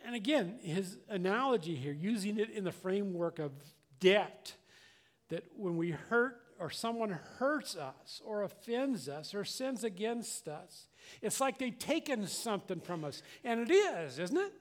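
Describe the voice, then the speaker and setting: A man's voice: high-pitched, sing-song, unhurried. An older man preaching a conversational sermon as a pastor, earnest and plainspoken, often restarting and repeating words.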